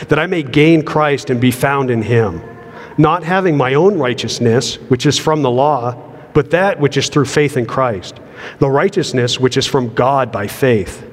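A middle-aged man preaching a sermon in an earnest manner, often repeating words as he builds a point, heard in a church sanctuary. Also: mid-range voice. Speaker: pastor. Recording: long hall reverb.

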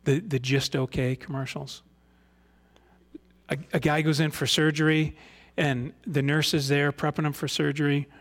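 A man's voice: a little high, flat delivery, moderate pace. A middle-aged man preaching a conversational sermon. He reads scripture aloud and speaks in an earnest, folksy way, with frequent rhetorical questions. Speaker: pastor.

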